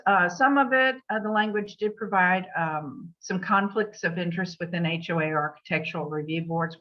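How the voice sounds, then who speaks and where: A woman giving a plainspoken legal update to real estate agents. She takes their questions, pausing with fillers and adding emphatic asides. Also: lowish voice. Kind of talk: briefing with answers to questions. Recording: dull lo-fi meeting recording.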